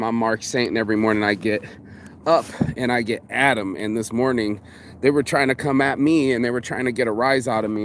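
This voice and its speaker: A man's voice: mid-range voice, slight background noise. A man ranting casually in a morning vlog, telling stories with heavy swearing and acting out what other people said. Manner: profane, animated storytelling with quoted voices. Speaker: vlogger. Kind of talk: casual rambling vlog rant.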